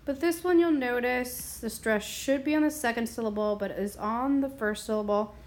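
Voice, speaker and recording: A woman with a slightly high voice walks through a lesson step by step. She is patient and sounds words out slowly, repeating them so they can be heard clearly. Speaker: Spanish teacher. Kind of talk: classroom explanation.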